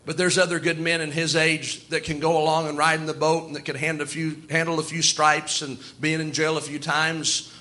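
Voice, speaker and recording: High, bright-voiced man preaching. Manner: folksy, storytelling, chuckles often. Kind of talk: sermon.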